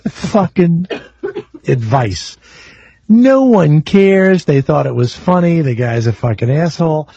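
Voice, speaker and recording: A man's voice: a little high, creaky, darkish tone, slightly rough, no room sound, dull audio. A man hosting a call-in radio talk show, brash, crude and joking with callers. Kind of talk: casual call-in radio banter. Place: radio studio.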